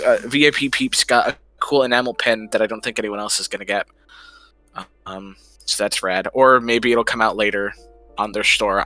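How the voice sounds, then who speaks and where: A man chats casually to his stream, rambling from one thought to the next and swearing without a second thought. His voice is bright and forward, recorded close and dry. Soft music plays underneath. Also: medium pitch, no echo. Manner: rambling, chatty, swears freely. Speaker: livestreamer. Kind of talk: casual chat.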